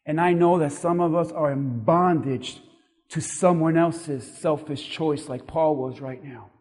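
A pastor giving an animated, emphatic sermon, building intensity through repetition. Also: male voice, on the high side, measured pace, long reverb tail.

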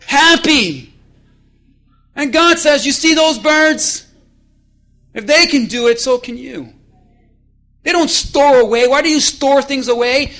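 High, bright-voiced preacher man. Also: unhurried, long pauses. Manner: lively, playful preaching with call-and-response and acted-out voices. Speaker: pastor. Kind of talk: sermon. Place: church.

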